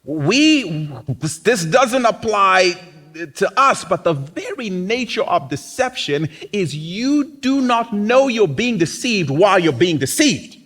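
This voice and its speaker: A male preacher gives an energetic sermon in church, chatting with the congregation and frequently slipping into impressions of other people. He speaks slowly, his high voice swooping animatedly over a broad range.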